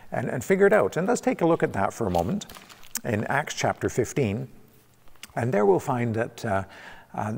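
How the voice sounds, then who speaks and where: A man's voice: medium pitch, gravelly, a little mellow, slightly rough. A man preaching a conversational sermon as pastor, from Canada, with frequent restarts and fillers. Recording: long church reverb.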